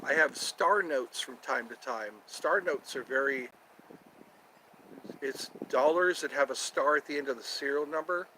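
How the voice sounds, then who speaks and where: A man's voice: medium pitch, a little slow, pushed and bright, a little hiss or hum, rough recording. A man hosting a casual solo livestream from outdoors near his home, rambling and repeating himself as he thinks aloud. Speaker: livestream host.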